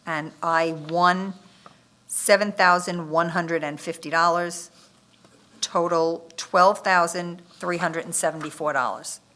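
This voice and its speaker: A woman at a town bid opening reads item codes and dollar amounts in order. She speaks slowly and deliberately, with a crisp, bright tone. Her delivery stays steady and methodical from one figure to the next. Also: lowish voice. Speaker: municipal official reading bids. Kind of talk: reading bid figures aloud at a public opening. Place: town government meeting room.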